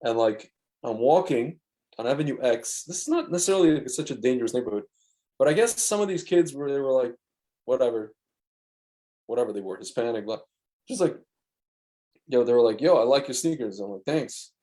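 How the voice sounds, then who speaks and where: A man's voice: medium pitch, lively intonation, fairly quick, long pauses, warm tone. A man co-hosting a podcast, rambling through stories in casual chat and acting out the quotes. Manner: rambling storyteller, acts out quotes. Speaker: podcast co-host.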